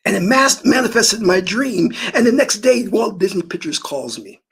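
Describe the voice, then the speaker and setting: Man, husky voice, fairly high, swooping lively delivery, preachy spiritual teacher. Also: normal speed. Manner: preachy, storytelling, emphatic. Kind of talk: motivational spiritual monologue.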